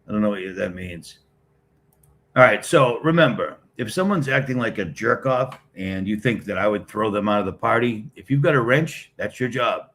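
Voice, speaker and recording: A man's voice: on the low side, normal speed, fairly bright tone, slight background noise. A middle-aged man from the Boston area, hosting a casual live stream, greeting commenters one by one and answering them in a blunt, wisecracking way. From Boston area, New England. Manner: blunt, wisecracking, talks straight to chat.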